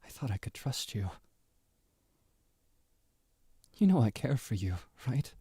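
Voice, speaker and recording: A man voicing a possessive, controlling young lover who guilt-trips in a low, quiet, menacing tone. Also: sing-song, fairly quick, breathy edge, no echo, studio quality, heavily acted. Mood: coldly reproachful. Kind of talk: voice-over request acting.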